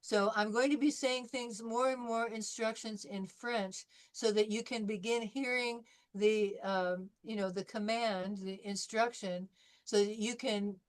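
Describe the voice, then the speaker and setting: An older woman from California teaching a French class, chatting through anecdotes with fillers and restarts. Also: a little high. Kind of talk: classroom lesson wrap-up.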